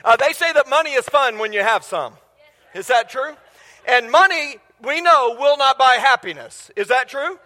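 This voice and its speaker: A man's voice: very high-pitched, lively intonation, normal speed, pushed and bright. A man preaching a sermon as a guest speaker in a church, enthusiastic and conversational, often asking the congregation questions. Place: church sanctuary. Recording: long church hall reverb.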